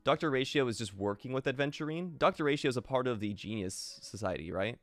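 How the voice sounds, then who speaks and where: A man's voice: mid-range voice, lively intonation, quick pace, no echo, soft background music. A man streaming a game live, thinking aloud and answering chat with many fillers.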